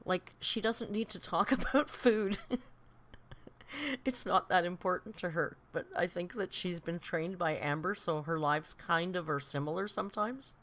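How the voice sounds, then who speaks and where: A woman's voice: on the low side, moderate pace, a bit bright. A woman hosting a live react stream, chatting with joking asides. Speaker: channel host reacting to a video.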